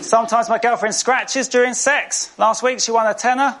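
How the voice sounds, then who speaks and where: A male comedian on a TV stage delivering deadpan one-liners. His voice is very high, and there is loud noise behind him. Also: moderate pace, a loud crowd. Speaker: stand-up comedian. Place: TV studio stage.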